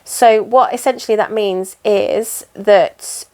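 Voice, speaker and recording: A woman's voice: mid-range voice, steady tone, takes it slowly, darkish tone. A woman in casual chat while she stitches, rambling and poking fun at herself. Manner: rambling, chatty and self-deprecating. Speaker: cross-stitch vlogger.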